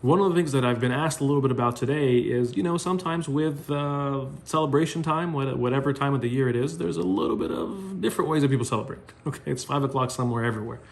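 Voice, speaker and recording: Man, psychiatrist health talk, rapid speech, reassuring, rambling. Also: medium pitch, creaky. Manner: friendly, reassuring, rambling with restarts. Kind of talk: direct-to-camera health talk.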